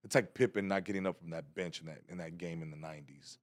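A low-voiced man tells a comedy story in a relaxed, slangy way. He acts out quotes with sudden loud jumps. The sound is dry and close. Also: fast talker, dry recording. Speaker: comedian guest. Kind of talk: casual storytelling in a podcast interview.

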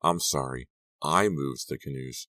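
A clumsy teenage prankster boy blurting out defensive excuses, as a man voices him. It is a spoken storybook with a deep, close, dry sound. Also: a little slow, pushed and bright, no echo, full character voice. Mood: sheepish.

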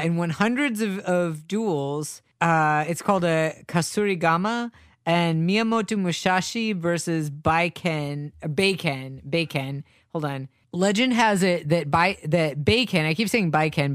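A man's voice: fairly high pitch, unhurried, a bit bright, clean tone, no room sound, studio quality. A man co-hosting a podcast, chatting casually and digressively about a film, swearing now and then. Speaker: podcast co-host.

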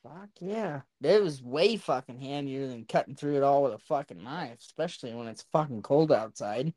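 A man's voice: mid-range voice, animated, moderate pace, darkish tone, dry recording. A man hosting a casual chat, profane, laughing often. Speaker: podcast host.

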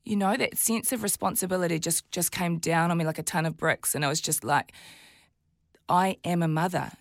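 Kiwi woman guest, forties, husky-edged low voice, lively retelling, dry studio sound. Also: quick pace, dry recording. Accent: New Zealand. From New Zealand. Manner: animated storytelling, jumps high when quoting herself. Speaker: guest, TV presenter and mother of twins. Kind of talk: candid interview chat.

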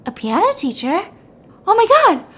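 A woman voicing a young woman who gushes and apologizes in a high, excited voice. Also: a little fast. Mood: flustered, gushing. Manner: gushing and apologetic. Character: flustered young woman on a scooter.

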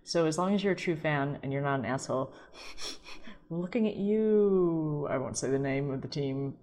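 A woman hosts a podcast alone, chatting with a playful, self-mocking ease. Her voice sits notably low for a woman. She is from St. Louis and drops quick asides. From St. Louis, USA. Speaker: wine podcast host. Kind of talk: casual solo podcast monologue.

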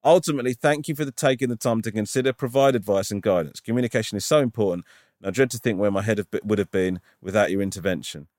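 A man's voice: on the low side, fast, a little mellow, no echo, studio quality. A man co-hosting a podcast, reading a listener's email and chatting in a sincere, self-deprecating way. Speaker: podcast co-host.

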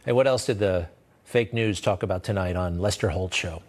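A male TV news host gives sarcastic, animated commentary at a normal speed, his pitch leaping upward for emphasis.

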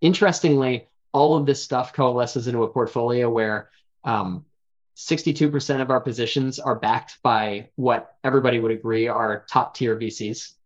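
Male founder guest, measured and explanatory, mid pitch, slightly muffled remote audio. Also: steady tone. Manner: thoughtful, explanatory, frequent fillers. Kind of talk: casual interview chat.

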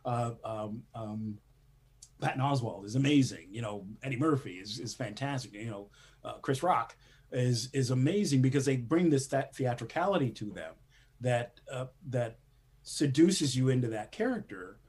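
A man's voice: medium pitch, animated, moderate pace, a little mellow, slightly rough. A man, a screenwriter, talking casually in an interview with lots of fillers and restarts. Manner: rambling, many fillers and restarts, laughs often. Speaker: animation screenwriter guest.

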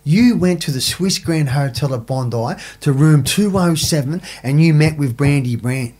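A middle-aged Australian man, a podcast guest, telling his story in casual, animated talk full of swearing and slang. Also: on the high side, moderate pace, husky.

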